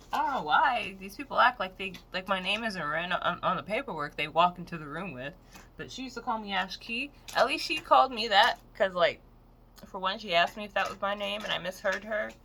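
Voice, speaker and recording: Bright-voiced, profane woman in her twenties. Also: on the low side, slight background noise. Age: 20s. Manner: frank, profane, exasperated storytelling. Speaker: vlogger. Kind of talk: casual rant to camera.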